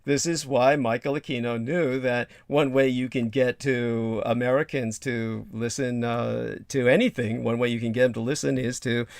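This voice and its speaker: A man hosting a casual livestream conversation, wordy and deliberate, with hesitant fillers. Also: mid-range voice, fairly even intonation, vocal fry, a little mellow, no echo, clean studio sound. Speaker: host.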